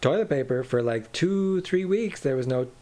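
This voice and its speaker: Relaxed podcast host. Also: mid-range voice, moderate pace. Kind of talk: casual chat. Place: lives in Germany.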